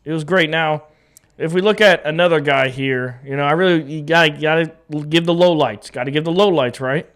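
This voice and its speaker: Brief: man, sports co-host, upbeat joking banter, somewhat high voice. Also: a little fast, a bit bright. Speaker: podcast co-host. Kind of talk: casual sports chat.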